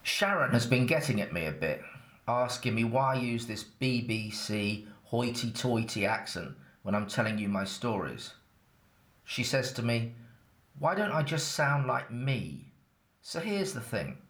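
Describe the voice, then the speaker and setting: A man's voice: medium pitch, expressive, moderate pace, a bit bright, reverberant. An English man with a slight Essex accent, telling his own story in a chatty, matter-of-fact, slightly cheeky way. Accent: Essex-tinged English. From England. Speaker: narrator. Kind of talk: first-person scripted storytelling.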